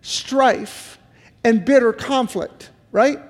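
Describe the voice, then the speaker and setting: High-voiced male pastor preaching in a hall. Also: extremely slow. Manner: earnest preaching with repeated pleading questions. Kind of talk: sermon. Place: church sanctuary.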